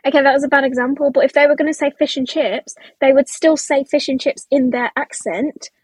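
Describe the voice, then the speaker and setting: A woman hosting a podcast in casual chat, animated and teasing, often exclaiming. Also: high voice, fairly quick, no room sound, rough recording. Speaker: podcast host.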